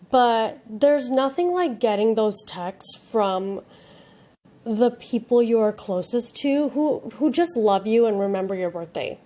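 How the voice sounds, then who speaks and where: With a mellow, medium-pitched voice, a podcast host in her late thirties rants through a casual chat on her own show, swearing without holding back.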